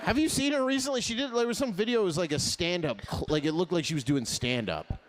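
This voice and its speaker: A man doing crowd-work stand-up comedy, loose and profane, laughing often and swinging his pitch up and down. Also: animated, fast.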